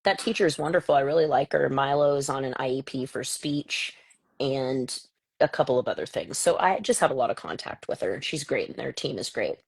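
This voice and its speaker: A woman hosting a casual live chat, telling an animated story about her son and acting out the voices of the people in it. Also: a bass voice, fairly quick, gravelly, breathy edge, no echo, low-quality recording. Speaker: host.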